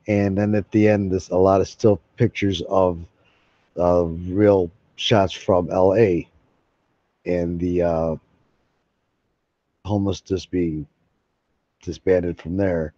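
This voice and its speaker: A middle-aged man with a low, mellow voice rambles through a casual streamer monologue. He swears freely and keeps stumbling and restarting his sentences. The sound is dry and dull, like a lo-fi home setup. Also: dry recording. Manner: profane, excitable, full of restarts.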